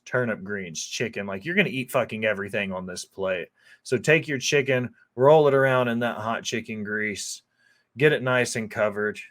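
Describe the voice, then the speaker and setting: A man who is a chef, talking through a cooking video in a loose, rambling way, swearing freely and filling gaps with "like" and "um". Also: medium pitch. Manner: profane, loose and rambling with lots of fillers. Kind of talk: casual cooking voice-over.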